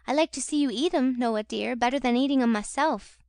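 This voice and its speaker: A woman's voice: high voice, fairly quick, a little mellow, no echo, studio quality. A woman voicing a doting young servant woman who coaxes and fawns. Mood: coaxing. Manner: coaxing, fawning.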